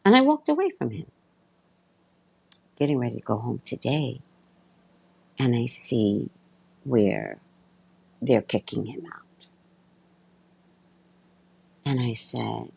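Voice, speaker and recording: A woman with a low, gravelly, husky voice tells a story at an unhurried pace. Her pitch swings widely as she talks, and she swears freely in a blunt, animated way. The sound is dry and close. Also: no room sound, poor audio. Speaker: vlogger. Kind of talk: casual storytelling monologue.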